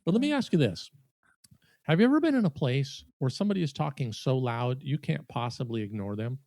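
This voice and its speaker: A man's voice: medium pitch, fairly quick, no room sound. A man hosting a podcast, telling a funny story in casual chat. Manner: storytelling, animated and joking. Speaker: podcast host.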